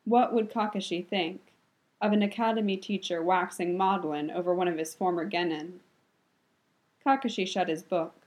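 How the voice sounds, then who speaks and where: Woman narrating a story, measured. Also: on the low side, fairly even intonation, a little mellow.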